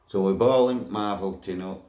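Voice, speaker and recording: Blunt, deep-voiced man. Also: normal speed, darkish tone. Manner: blunt, swears freely, laughs at his own memories. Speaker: former prisoner recounting a riot. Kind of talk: casual storytelling. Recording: echoey room, faint background noise.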